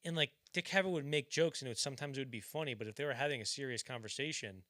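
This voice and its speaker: A man's voice: medium pitch, very fast, pushed and bright. A man hosting a podcast, chatting casually about movies, often stumbling and restarting, acting out lines from scenes. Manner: rambling, stumbles and restarts, acts out quotes. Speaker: podcast host. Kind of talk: casual film discussion.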